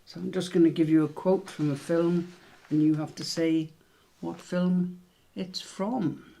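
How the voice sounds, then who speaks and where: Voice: mid-range voice, steady tone, measured pace, gravelly, mellow. A quiz host who chats casually from home and laughs often between the scores and questions. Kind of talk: casual online quiz hosting.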